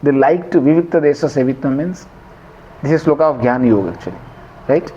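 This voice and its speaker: A man's voice: fairly high pitch, animated, fast talker, warm tone, lo-fi sound. A man giving a devotional scripture class in a conversational way, quizzing listeners and chanting Sanskrit verses. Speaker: lecturer on scripture.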